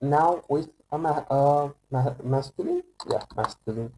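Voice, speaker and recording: Slow, halting male French tutor. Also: on the high side, dark tone, a little hiss or hum, low-quality recording. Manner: slow, hesitant, many fillers and restarts. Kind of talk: online language lesson.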